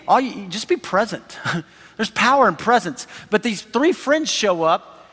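High-voiced preacher in an echoey hall. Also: male voice, fairly quick. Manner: animated, conversational, acts out quotes. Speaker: pastor. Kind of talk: sermon. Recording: reverberant hall.

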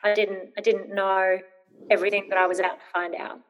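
A woman's voice: mid-range voice, little pitch movement, brisk, crowd noise. A woman in her thirties, an interview guest telling a personal story, hesitant with many ums and rambling when nervous.

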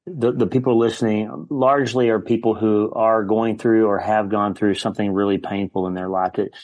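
A middle-aged man hosting a podcast, asking questions in a gentle, affirming way. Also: lowish voice, steady tone, normal speed, lo-fi sound. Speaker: podcast host. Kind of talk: interview conversation.

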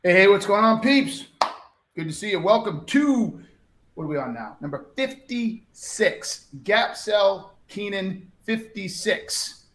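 A man's voice: sits high, big pitch swings, slow pace, fairly bright tone, slight background noise. A man hosting a sales coaching show, talking in a brash, direct and upbeat way. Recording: echoey room.

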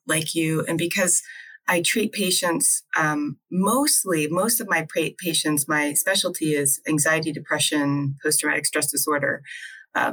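A woman's voice: low voice, fairly bright tone, low-quality recording. A woman from New Jersey chatting casually as co-host, talking in a rambling way with frequent restarts. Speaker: co-host, acupuncturist. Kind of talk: casual video chat.

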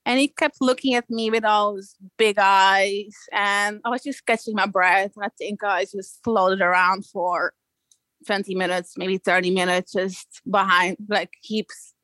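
In an unhurried, medium-pitched voice, a young woman from Belgium, here as a guest surfer, shares a surfing tale casually. She's animated, laughs a lot, and acts out quotes. Audio quality is poor, with no room sound.

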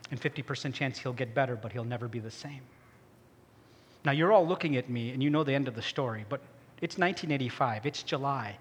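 A man's voice: mid-range voice, fast talker, slight background noise. Man telling his story in a big hall. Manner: storytelling, dramatic swings from hushed to loud. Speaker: speaker giving testimony. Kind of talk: personal testimony to an audience. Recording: long hall reverb.

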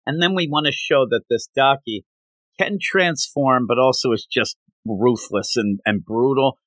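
A man hosting a podcast, recapping a manga chapter in animated casual chat with lots of fillers. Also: medium pitch, unhurried, no echo. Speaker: podcast host.

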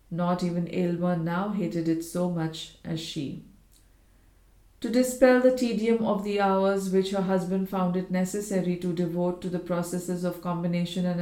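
A woman reading a classic short story aloud in a measured, steady storytelling manner. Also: mid-range voice. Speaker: audiobook reader. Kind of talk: scripted literary narration. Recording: roomy echo.

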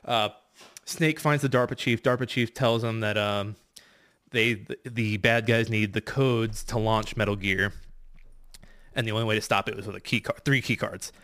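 A man's voice: lowish voice, steady tone, normal speed, a bit bright. Rambling, profane man recapping a game. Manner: rambling, profane, full of fillers and restarts. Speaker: podcast competitor recapping a game. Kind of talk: rushed casual game recap.

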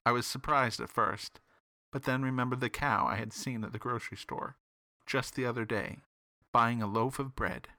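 A man reading his own comic detective story aloud in an animated, playful way. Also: medium pitch, normal speed, dry recording.

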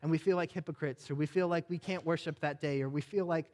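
High-voiced man preaching a sermon. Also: quick pace, a little hiss or hum. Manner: animated preaching, voice rising in emphatic declarations. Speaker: pastor.

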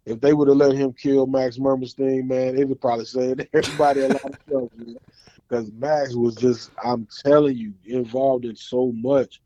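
A man's voice: mid-range voice, fairly even intonation, moderate pace, dark tone. A man hosting a casual chat, talking in laid-back slang. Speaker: podcast host. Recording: dry, dull lo-fi sound.

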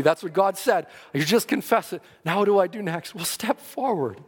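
Man preacher, high voice, earnest sermon delivery, long church-hall reverb. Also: animated, normal speed, few pauses, breathy edge. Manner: earnest preaching, rising and falling in emphasis.

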